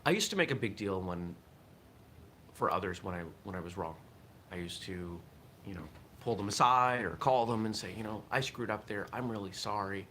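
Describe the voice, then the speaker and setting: A man with a low, deep voice hosts a casual morning livestream and talks his thoughts through as they come. His tone is bright and forceful. A faint hiss sits under the recording. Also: normal speed. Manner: reflective, thinks aloud with restarts. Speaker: host of a martial arts morning show.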